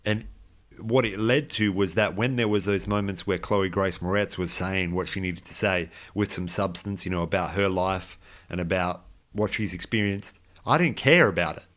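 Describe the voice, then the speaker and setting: A man on a podcast chats loosely about a film as co-host, rambling with many restarts, fillers, and wry self-mockery. His low voice is a bit bright, at normal speed with few pauses.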